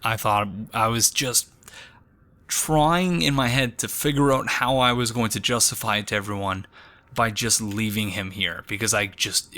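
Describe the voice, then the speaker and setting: A man chatting excitedly while playing a game, thinking aloud. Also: fairly low pitch. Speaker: game player. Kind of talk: let's play commentary.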